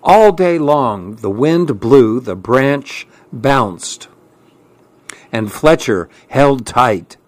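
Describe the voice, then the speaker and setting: Slow, gentle man reading a storybook. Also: mid-range voice. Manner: gentle, unhurried, expressive reading. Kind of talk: children's storybook read-aloud.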